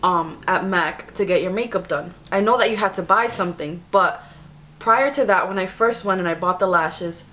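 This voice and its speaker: Young woman, casual storytime vlogger, chatty and animated, filler-heavy delivery. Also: on the low side, moderate pace. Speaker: beauty vlogger.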